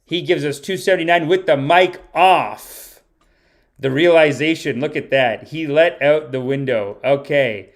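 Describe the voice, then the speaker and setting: A man's voice: a little high, unhurried. A man hosting a casual podcast livestream, telling stories in a rambling, playful way. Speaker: podcast host and stand-up comedian.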